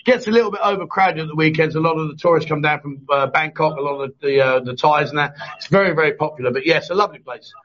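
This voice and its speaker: A man's voice: on the high side, fairly bright tone. A man hosting a live chat show, teasing his guests and laughing often as he reads out viewer comments. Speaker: host. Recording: dull lo-fi stream audio.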